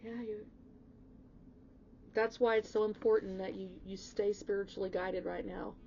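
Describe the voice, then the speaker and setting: A woman reads tarot in a loose, chatty way, warm and mellow in tone. She presses her points emphatically and curses now and then without a second thought. The recording sounds a little dull and muffled, with a faint hiss underneath. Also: medium pitch, steady tone, moderate pace, gravelly. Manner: emphatic, chatty, swings into emotional outbursts; blunt, swears casually. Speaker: tarot reader. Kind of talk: casual spoken tarot reading.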